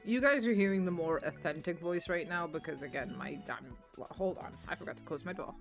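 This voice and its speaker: Tired young woman with a croaky low voice. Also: fairly quick, over music. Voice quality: low natural voice that cracks, croaky. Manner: rambling, laughing, swearing freely. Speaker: streamer. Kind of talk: casual gameplay commentary.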